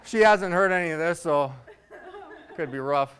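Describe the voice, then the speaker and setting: A man's voice: on the high side, moderate pace, a bit bright. A man in his thirties doing a stand-up set, telling loose, rambling stories with self-mocking asides. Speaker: stand-up comedian.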